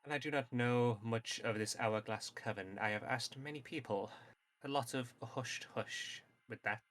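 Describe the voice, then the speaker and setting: A secretive female kenku, as a man puts her on, speaks in stiff, clipped phrases with a mid-pitched voice. She sounds defiant and guarded, a bird-person from a tabletop fantasy game. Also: normal speed, a bit bright, slight background noise, lightly acted.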